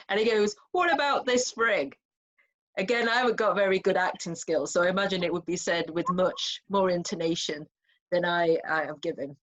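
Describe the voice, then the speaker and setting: A woman English teacher talking through a play in an informal revision chat, thoughtful and chatty. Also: on the low side. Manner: thoughtful, chatty, with restarts and small laughs. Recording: lo-fi muffled recording.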